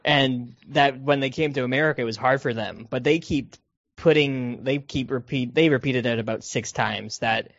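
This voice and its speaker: A man's voice: mid-range voice, moderate pace, creaky, fairly bright tone, dry recording. Casting: male podcast co-host, casual joking movie chat, dull dry close sound. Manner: joking, slips into quoted character voices.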